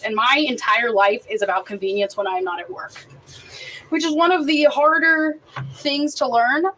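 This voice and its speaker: A woman's voice: fairly high pitch, a bit bright, a little hiss or hum, poor audio. Chatty, foul-mouthed woman cooking outdoors. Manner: chatty, profane, rambling rants. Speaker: cooking show host and chef. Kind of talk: casual cooking demonstration. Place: outdoors behind a stadium.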